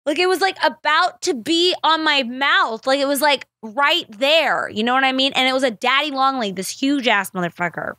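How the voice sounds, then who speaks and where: A woman hosting a podcast, telling stories in a casual, animated way, full of "like" fillers and swearing. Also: high-pitched, normal speed, few pauses, dry recording, studio quality. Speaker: podcast host. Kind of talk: casual storytelling chat.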